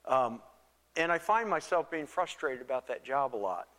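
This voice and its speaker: A man preaching a sermon as a pastor, earnest and given to repeating words, sometimes dropping his voice very low. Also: lively intonation, normal speed, fairly bright tone. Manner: earnest, repeats words, drops to near whisper for quoted pleas. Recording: long reverb of a church hall.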